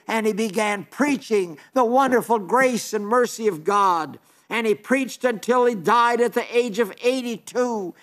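An older man delivers a sermon in a high voice. He preaches earnestly and emphatically, drawing out the phrases he wants to land.

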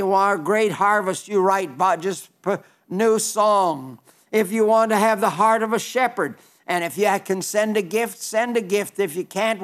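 A man preaching a radio sermon in an earnest, pleading way, slowing down to read scripture and poetry aloud. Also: sits high.

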